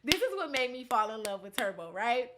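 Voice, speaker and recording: A woman in her thirties telling an animated story, laughing often and swinging from quiet asides to loud outbursts. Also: a little high, fairly quick, background noise. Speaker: interviewee.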